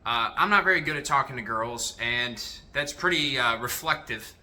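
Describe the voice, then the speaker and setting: A man giving a casual motivational monologue to his viewers, animated and freely swearing as he talks to them directly. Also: mid-range voice, moderate pace. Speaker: self-improvement vlogger.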